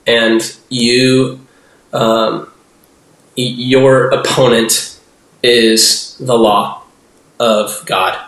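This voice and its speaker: A man's voice: medium pitch, flat delivery, very slow, long pauses, fairly bright tone. A young man talking casually as a podcast guest. His voice sits in the middle range, and he rambles, leaning on "like" and restarting his sentences. The recording has a noticeable roomy echo. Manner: rambling, heavy use of "like" and restarts, acts out voices. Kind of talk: casual interview talk.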